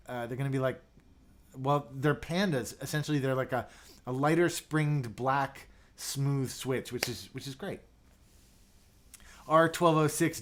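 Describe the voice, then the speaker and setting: A man hosting a casual livestream, chatting loosely and reading out viewer comments with lots of fillers and restarts. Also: mid-range voice. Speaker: livestream host. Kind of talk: casual live chat.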